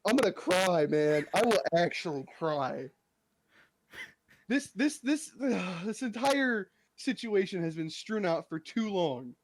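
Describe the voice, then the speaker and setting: A man's voice: high voice, sing-song, takes it slowly. A young man ranting in casual chat as a streamer, exasperated and laughing as he tells his story.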